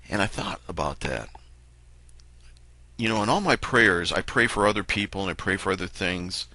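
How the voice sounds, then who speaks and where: A man with a low, bright and forceful voice reads scripture and reflects on it. He talks earnestly and slowly, pausing between thoughts. The recording is dry and close. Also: animated, no room sound. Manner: earnest, slow and reflective with pauses. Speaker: lay preacher. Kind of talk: bible reading and devotional talk.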